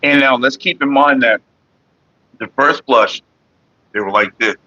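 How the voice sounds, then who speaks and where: A man's voice: mid-range voice, a little slow, pushed and bright, dull audio. A man vlogging casually, rambling in profane, mock-exasperated rants. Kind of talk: casual smoking-session vlog.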